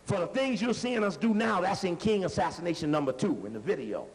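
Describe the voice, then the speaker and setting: A man giving a lecture while commenting on video playback, animated and conversational, using street-talk grammar. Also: high-pitched, a little fast. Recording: reverberant hall with faint noise.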